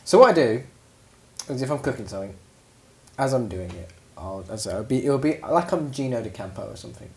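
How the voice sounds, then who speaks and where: A man co-hosting a podcast in casual chat, an animated storyteller who laughs often. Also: mid-range voice, brisk, gravelly. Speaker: podcast co-host.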